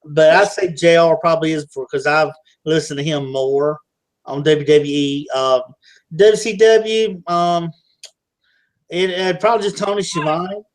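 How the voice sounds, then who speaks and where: A man's voice: fairly high pitch, a little slow. A man co-hosting a casual wrestling podcast, answering in a hesitant, laid-back way. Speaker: podcast co-host.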